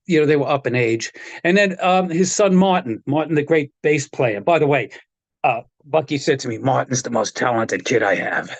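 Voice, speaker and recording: A man's voice: on the high side, a little mellow, no echo. An older man, a guitar technician, telling rambling stories in casual chat, often chuckling and restarting his sentences.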